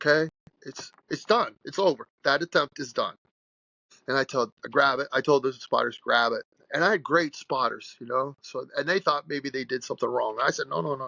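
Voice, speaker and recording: A man in his sixties, a guest strength coach, telling an animated, rambling story in a podcast interview. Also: a little high, creaky, dry recording, highs cut off. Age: 60s.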